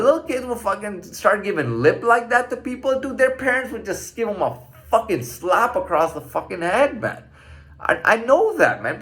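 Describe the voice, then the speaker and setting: A man's voice: high-pitched, sharp tone. A man in his thirties ranting in a casual monologue, profane and stammering through restarts. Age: 30s.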